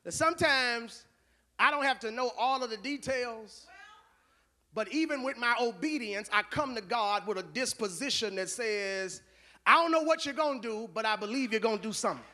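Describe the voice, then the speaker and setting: A pastor preaches a sermon at a moderate pace, shifting from quiet conversational asides to loud, shouted call-and-response.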